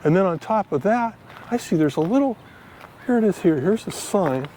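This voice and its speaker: His voice sits high and dark, expressive at a normal speed, as he films a casual finance vlog walking through a park on a handheld phone. The talk rambles and is thick with fillers, over a little hiss or hum.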